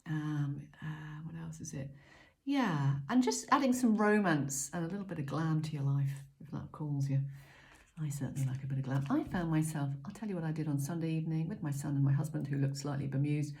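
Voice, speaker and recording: A low-pitched, middle-aged woman talks through an oracle card reading in a relaxed, chatty way. She drifts between gentle guidance and light self-mocking asides, with plenty of ums. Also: fairly quick. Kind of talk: casual spiritual guidance talk.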